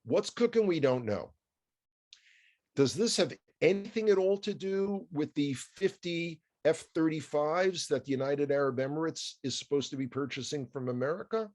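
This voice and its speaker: New York male commentator, slightly high voice, wry conversational delivery with asides. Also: normal speed. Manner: wry, animated, asides and rhetorical questions.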